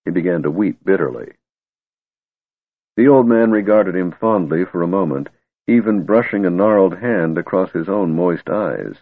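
A man narrating a fantasy audiobook in a husky, expressive voice. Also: low-pitched, moderate pace. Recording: tinny, phone-like and dry.

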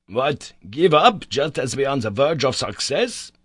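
A man's voice: mid-range voice, moderate pace, fairly bright tone, dry recording, clean studio sound, close to an everyday voice. A man doing a stubborn old professor explorer. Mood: indignant. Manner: commanding, insistent and emphatic. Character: stubborn excitable older male professor explorer.

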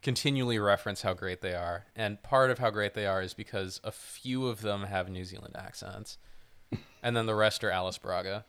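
A man's voice: on the low side, normal speed, clean tone. A man co-hosting a podcast in casual, rambling chat, full of "like" and the odd swear word. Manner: rambling, animated, swears, lots of "like". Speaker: podcast co-host.

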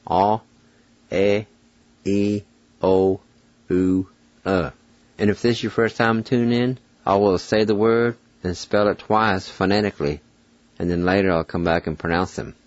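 A man with a very low voice gives a radio language lesson at an unhurried pace, spelling out letters and repeating each word patiently. His voice is dry and close on a studio microphone. The recording has the dull, lo-fi sound of old radio. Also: no echo.

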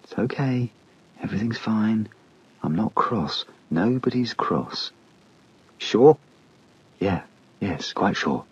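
A man voicing a troubled adult man who swings from yelling to hushed whispers. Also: low voice, animated, moderate pace, husky, muffled recording, heavily acted. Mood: soothing.

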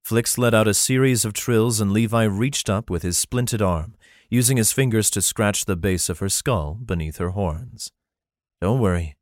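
A man narrating a fantasy novel in a steady, even storytelling manner. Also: fairly low pitch, moderate pace, no room sound, studio quality. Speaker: audiobook narrator.

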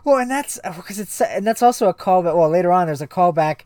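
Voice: mid-range voice, animated, fast, a little mellow, no room sound. A podcast co-host in casual comedic chat, rambling with restarts, swearing now and then.

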